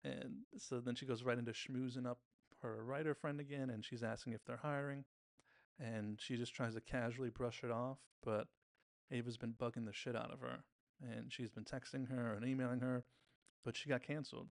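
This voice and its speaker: Male podcast host, gravelly voice, chatty TV-recap delivery, dry close mic. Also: medium pitch, steady tone, normal speed, no echo. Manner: chatty, retells scenes by briefly mimicking characters' lines. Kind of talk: casual episode recap commentary.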